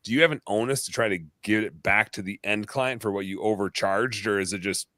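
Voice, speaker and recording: Brief: male podcast host, low voice with a bright edge, dry close sound, jokey. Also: a little fast, dry recording. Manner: jokey, laughs, rambling questions. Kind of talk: podcast conversation.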